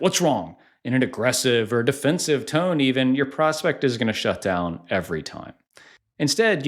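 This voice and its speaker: A man coaching on sales in a conversational teaching style, acting out sample questions. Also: medium pitch. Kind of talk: instructional talk to camera.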